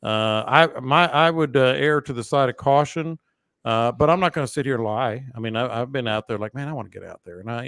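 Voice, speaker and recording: A man with a mid-pitched, smooth voice hosts a casual podcast chat. He talks frankly about his own caution on the water. The sound is dry and close. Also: no echo. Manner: frank, chatty, quick to laugh along. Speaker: podcast host.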